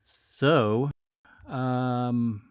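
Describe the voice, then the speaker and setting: A man hosting a casual livestream, talking in a rambling, halting way with a faint Southern American accent. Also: medium pitch, smooth, no echo. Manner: rambling, halting, many fillers. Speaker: livestream host. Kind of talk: casual commentary. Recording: dull dry lo-fi stream.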